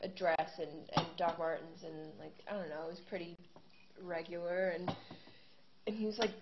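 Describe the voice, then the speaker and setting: A young adult woman guest in a casual interview, telling stories in a chatty, animated way with many fillers. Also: fairly low pitch, normal speed. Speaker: guest, singing show contestant. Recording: dull lo-fi home video with steady noise.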